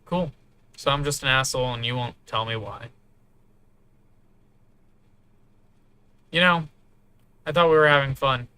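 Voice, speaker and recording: Man reading as evasive young guy, hesitant, placating, bright voice. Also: mid-range voice, brisk, smooth, no echo, close to an everyday voice. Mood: defensive.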